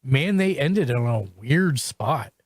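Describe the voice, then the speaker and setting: A man hosting a casual podcast, talking at an ordinary middle pitch. He stumbles through restarts and fillers as he reviews shows. His voice is recorded close and dry, with no room sound. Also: expressive, dry recording. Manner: halting, full of restarts and fillers. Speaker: podcast host.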